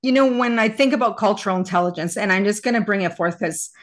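A woman hosting an interview podcast, introducing her guest in measured list-like phrases and asking questions. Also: mid-range voice. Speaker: podcast host.

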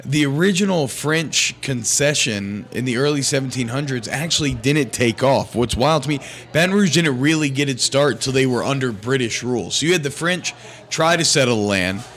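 This is a man co-hosting a casual podcast, with a voice of ordinary pitch. He thinks out loud, loops back on himself and restarts often, sounding curious rather than polished. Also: lively intonation, moderate pace, soft background music. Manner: thoughtful, rambling with restarts. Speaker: podcast co-host. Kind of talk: casual chat.

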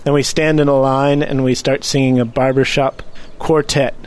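A man's voice: mid-range voice, level tone, normal speed, clean tone. A man playing a tabletop game, chatting casually and joking playfully. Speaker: player. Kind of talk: casual tabletop role-play chat.

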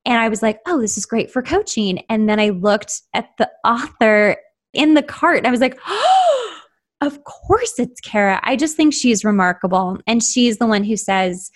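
A woman guest, a writer and life coach, talking in a casual interview with lively storytelling and a slightly rough voice today. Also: a little high, moderate pace. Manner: animated storytelling with quoted inner voices.

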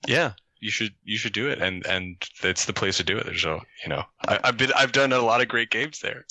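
A man chatting as a show guest, halting and stop-start with lots of fillers. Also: lowish voice, lively intonation, bright, forceful tone, no echo. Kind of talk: casual chat.

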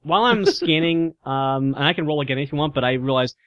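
A man talks through his moves in a tabletop game, rambling and chatty. His voice is mid-pitched. The sound is dry and close. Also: steady tone, fast, dry recording, muffled recording. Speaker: player. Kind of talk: casual tabletop game play.

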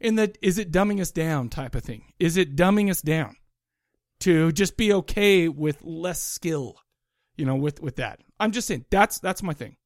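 A man's voice: on the high side, animated, moderate pace, no echo, clean studio sound. A man co-hosting a podcast in casual chat, rambling and cutting himself off. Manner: rambling, self-interrupting. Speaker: podcast co-host.

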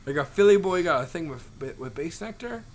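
A man's voice: a little high, animated, fairly quick, slight background noise. Rambling young man telling a story. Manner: rambling, filler-heavy storytelling with many "like"s. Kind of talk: casual chat.

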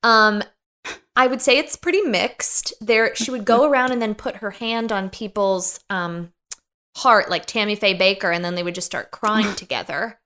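A woman in casual podcast chat, telling animated, profane stories with big swings in pitch. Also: normal speed. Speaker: podcast guest, commentator on influencers.

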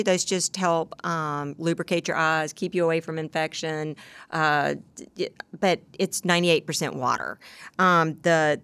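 A woman's voice: low-pitched, fairly bright tone, smooth, no room sound. A woman co-hosting a podcast, chatting casually and telling stories with quoted dialogue. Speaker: podcast co-host. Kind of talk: casual chat.

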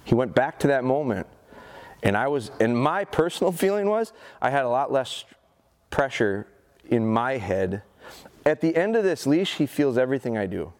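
Man coaching a dog, lively voice. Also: medium pitch, moderate pace. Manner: coaxes a dog with short repeated commands and praise; talks plainly to the audience with rhetorical questions. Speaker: dog trainer presenting a seminar. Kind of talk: live training seminar with a dog demonstration. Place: event seminar in front of an audience.

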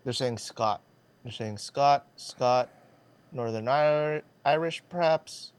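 A man co-hosting a casual livestream, relaxed, reading chat messages and donations aloud. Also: mid-range voice, slow pace, clean tone. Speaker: livestream co-host.

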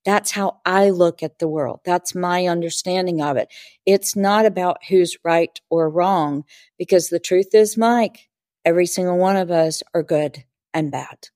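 A woman's voice: on the low side, a little slow, a little mellow, dry recording, studio quality. A woman who works as a spiritual teacher, telling stories in an interview and acting out the dialogue earnestly. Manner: earnest, vivid storyteller who acts out dialogue. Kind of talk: interview storytelling.

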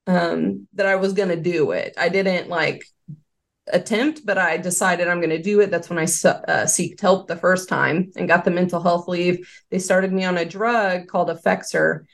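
Lowish-voiced woman telling her story candidly. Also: steady tone, normal speed, vocal fry. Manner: earnest, candid storytelling with many fillers. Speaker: interview guest, former quality control worker. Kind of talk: casual interview testimony.

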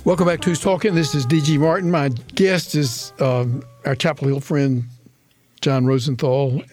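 A man's voice: a little high, fairly even intonation, normal speed, darkish tone, faint music behind. A man hosting a radio interview show, speaking hesitantly with frequent restarts. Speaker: radio talk show host. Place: radio studio.

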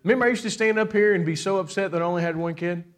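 A middle-aged man, a pastor, preaching a lively sermon and calling out to the congregation for amens. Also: high-pitched, rapid-fire. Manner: preaching with call-and-response and laughter.

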